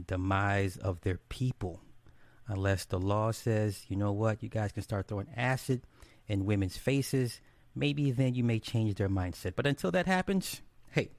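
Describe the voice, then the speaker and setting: A man with a fairly low voice rants straight to the audience, blunt and scornful. He hammers each point by saying it twice and swears without a second thought. The sound is dry and close, with no room around it. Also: a little mellow, no echo. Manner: emphatic, repeats points for stress. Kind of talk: ranting monologue commentary.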